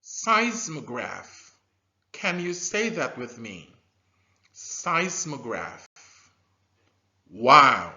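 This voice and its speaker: Man, teacher, scripted lesson for kids, very slow, lively, drills words, dull lo-fi audio. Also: a little high. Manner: slow, animated, with drilled repetition and loud praise. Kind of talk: scripted lesson for young learners. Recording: dull lo-fi recording.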